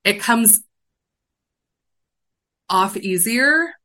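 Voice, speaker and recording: A woman on a podcast telling a personal story in casual chat, animated and self-mocking, swinging quickly between worry and laughter. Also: on the high side, rough recording. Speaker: podcast co-host.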